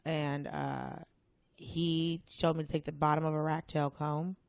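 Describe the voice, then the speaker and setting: A woman guest on a podcast, telling stories in a casual, animated way and acting out other people's voices. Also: deep voice, a little slow, vocal fry, no echo. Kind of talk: casual storytelling chat.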